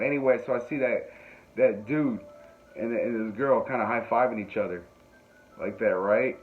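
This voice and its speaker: A male podcast host with a medium-pitched voice speaks at a normal pace over soft background music. He tells a rambling, comic story, laughing often and tossing in self-mocking asides. The audio sounds tinny, like a phone, with faint noise.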